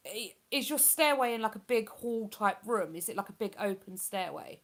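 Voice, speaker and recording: Hosting a relaxed live stream, a woman reads viewer comments aloud in a mid-range, fairly bright voice. She's expressive and moves at a moderate pace, rambling chattily with plenty of fillers.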